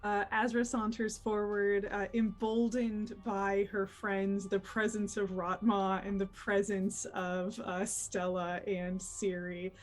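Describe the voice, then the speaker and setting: A woman speaking slowly and deliberately as she narrates her character's turn in a tabletop game, pausing with "uh" and "um". Her pitch sits in the middle, and soft music plays underneath. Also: little pitch movement. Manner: unhurried, hesitant narration. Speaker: player.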